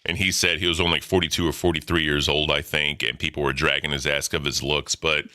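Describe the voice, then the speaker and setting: Brief: low-voiced male host, cussing and rambling, punchy sharp tone, dry close sound. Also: flat delivery, fast, no room sound. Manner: profane, rambling, bantering. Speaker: podcast host. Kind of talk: casual crude commentary.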